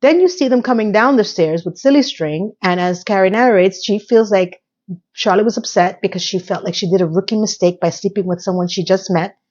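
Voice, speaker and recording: A woman's voice: medium pitch, a little fast, darkish tone, highs cut off. A woman casually recapping a TV episode, chatty and full of opinionated asides.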